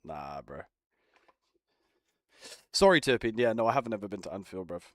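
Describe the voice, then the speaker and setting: A man's voice: lowish voice, big pitch swings, normal speed, no echo, clean studio sound. A young man bantering casually with friends as a streamer, teasing, swearing and laughing often.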